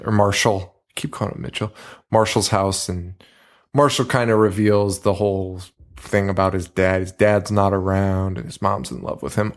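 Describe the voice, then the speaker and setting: A man's voice: fairly low pitch, gravelly. A man co-hosting a podcast, chatting casually about a movie, swearing freely and acting out scenes. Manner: animated, swears freely, acts out scenes with silly voices. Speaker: podcast co-host. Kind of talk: casual movie review chat.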